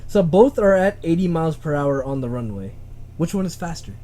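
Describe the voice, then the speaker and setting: A young man hosting a casual podcast chat, animated, laughing often and stumbling over his words. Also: a little high, fairly quick. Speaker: podcast host. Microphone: home microphone, uneven volume.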